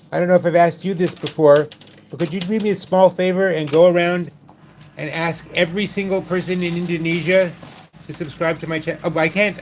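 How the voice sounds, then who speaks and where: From a gaming club, a high-voiced man runs a livestream with a bit of noise in the background. His manner is wry as he jokes around and chats easily with the audience.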